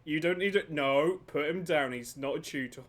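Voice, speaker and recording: A patient old adviser tells off a giant like a naughty child, as a man puts him on. The telling-off is gentle but firm, and the voice sits a little high. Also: moderate pace, natural voice. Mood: scolding. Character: patient old male adviser scolding like a parent.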